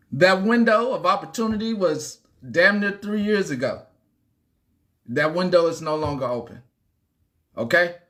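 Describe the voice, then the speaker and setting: A man hosts a casual livestream chat. His voice sits fairly high and he talks slowly and emphatically, repeating his points and letting his voice sink low and soft when he turns reflective. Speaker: livestream host. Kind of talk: casual live-stream chat.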